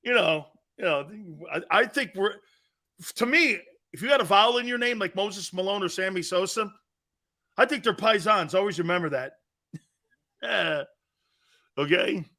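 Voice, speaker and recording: A man's voice: high voice, animated, moderate pace, long pauses, pushed and bright. Boisterous teasing male sports talk host. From Italian-American background. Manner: boisterous, teasing, laughs a lot. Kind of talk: live sports talk show.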